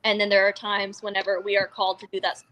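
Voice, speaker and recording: A woman's voice: mid-range voice, completely flat delivery, quick pace, fairly bright tone, rough recording. A woman in a casual chat, explaining things in a matter-of-fact way.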